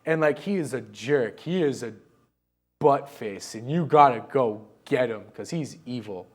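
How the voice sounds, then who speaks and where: A man's voice: medium pitch, animated, a little slow. Rambling, laughing male game-show co-host. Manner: rambling, laughs at his own story. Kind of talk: casual game review chat.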